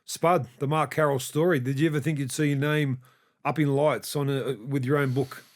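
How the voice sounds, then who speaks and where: A man's voice: mid-range voice, flat delivery, moderate pace. A man hosting a podcast, chiming in easily with short reactions and questions. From Australia. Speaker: podcast host. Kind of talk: casual interview chat.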